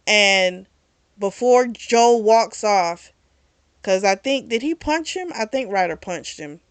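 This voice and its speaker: A woman's voice: medium pitch, takes it slowly, clear, resonant tone, no echo. A woman hosting a book club channel, walking viewers through the plot in an easygoing chat. She takes her time and stops to react to twists along the way. Her voice sounds close and dry, with no room around it. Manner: chatty, retells scenes with lively asides. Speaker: book club vlog host. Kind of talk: casual book recap.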